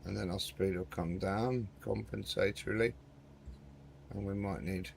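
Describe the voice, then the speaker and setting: A gaming channel host chats casually and rambles while flying in a flight simulator video, often calling the viewer "mate." His low voice is steady, unhurried and creaky, with slight background noise.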